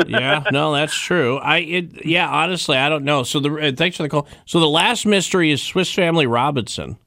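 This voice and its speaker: A man's voice: a little high, moderate pace, sharp tone, dry recording, studio quality. A man hosting a radio call-in show, with wry, offhand casual banter. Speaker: radio talk show host.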